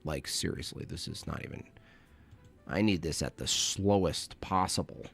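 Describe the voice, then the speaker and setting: A man's voice: deep voice, moderate pace, vocal fry, a bit bright, breathy edge, soft background music. A man giving sarcastic live commentary while reacting to protest footage, rambling and mocking as he goes.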